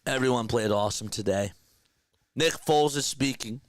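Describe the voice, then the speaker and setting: A man chatting casually on a live sports stream, excited and rambling like an emotional fan. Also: mid-range voice, normal speed.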